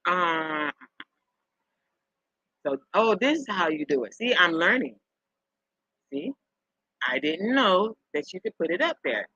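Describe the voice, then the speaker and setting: A middle-aged woman rambles through a casual chat with her viewers, chuckling and circling back on herself. Her voice is bright and forceful. The sound is dry and a little lo-fi. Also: fairly low pitch, sing-song, takes it slowly, pauses often, dry recording. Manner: rambling storyteller, chuckles often, repeats herself. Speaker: live-stream host chatting with viewers. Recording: dull lo-fi sound.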